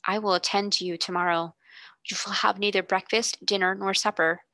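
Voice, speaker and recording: A woman's voice: mid-range voice, steady tone, moderate pace, bright, forceful tone, no echo. A woman voicing a stern, furious headmistress who speaks in cold, commanding tones.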